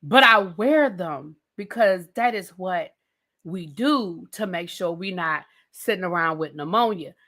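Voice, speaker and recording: Sassy, bright-voiced woman ranting about TV. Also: lowish voice, measured pace. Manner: animated, blunt and sassy, swears freely. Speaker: TV show reviewer. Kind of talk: casual ranting commentary.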